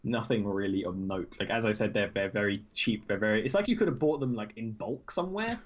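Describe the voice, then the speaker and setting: A man running a tabletop game as game master, describing scenes in a relaxed, rambling way full of fillers and restarts. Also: on the low side, brisk. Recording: dull lo-fi voice call audio.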